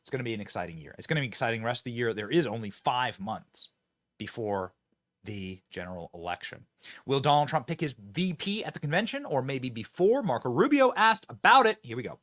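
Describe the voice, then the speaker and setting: Male commentator, mocking and sarcastic, bright tone, very animated delivery, dry sound. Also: mid-range voice, a little fast, no room sound. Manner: mocking, sarcastic, laughs often. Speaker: political show host. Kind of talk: opinionated political commentary.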